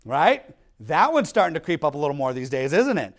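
A man's voice: on the high side, sing-song, fairly quick. A male pastor preaching a sermon in a blunt, emphatic way, often checking in with "okay?".

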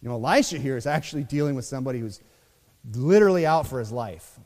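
A man's voice: mid-range voice, lively intonation, fast talker, darkish tone. Man preaching in a reverberant hall. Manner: conversational preaching with many fillers, reads scripture aloud. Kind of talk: sermon. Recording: long reverb of a church hall.

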